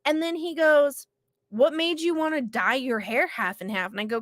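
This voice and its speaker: A congested woman co-host tells stories in a lively, animated way, cursing casually. Her voice sits a little high. The sound is dry and close to the mic. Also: normal speed, no room sound. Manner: animated storyteller, swears casually. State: congested from illness. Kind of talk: casual podcast chat.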